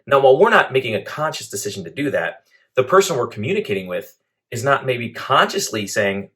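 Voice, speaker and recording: A man teaching a leadership training lesson, methodical and clear, laying out his points one after another. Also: medium pitch, very animated, fairly quick, pushed and bright. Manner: clear, methodical, speaks in lists.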